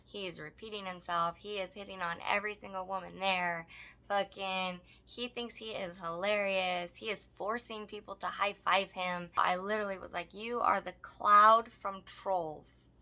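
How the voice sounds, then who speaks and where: A woman's voice: mid-range voice, fairly even intonation, moderate pace, bright, forceful tone. A woman co-hosting a podcast, telling a story in casual chat, blunt and profane, often breaking into laughter. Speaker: podcast co-host.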